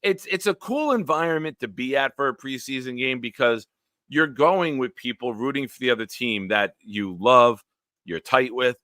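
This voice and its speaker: A man hosting a casual sports talk livestream, animated and joking, breaking into silly voices. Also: mid-range voice, normal speed, dry recording, studio quality. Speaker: podcast host.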